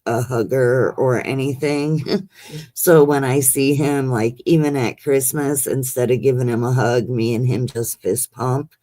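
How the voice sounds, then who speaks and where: A middle-aged woman hosts a casual livestream chat, rambling along and calling her guests "honey." Her voice is rumbling low and warm, with fairly even intonation, a measured pace, and no echo.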